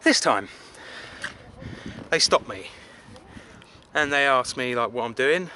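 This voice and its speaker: A man's voice: mid-range voice, animated, slow, pushed and bright, a little hiss or hum. A man from England vlogging casually outdoors, rambling and self-deprecating with lots of filler words. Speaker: travel vlogger. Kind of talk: casual rambling travel vlog. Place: outdoors in a city.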